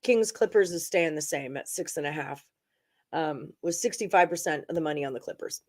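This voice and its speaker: A woman's voice: sits low, a little fast, darkish tone. Chatty woman hosting a betting livestream. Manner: chatty, rattles off odds and percentages, talks to the live chat. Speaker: sports betting show host. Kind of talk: casual livestream chat about betting picks.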